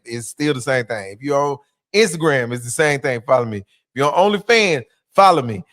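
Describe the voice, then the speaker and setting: A man's voice: on the high side, a bit bright, no echo, studio quality. A man, a comedian guest talking in a laid-back, joking way in a casual interview.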